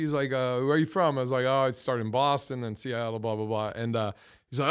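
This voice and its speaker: Man, thirties, comedian, casual rambling storytelling, profane, self-correcting, mid-pitched. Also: steady tone, fast, clear, resonant tone. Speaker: comedian guest.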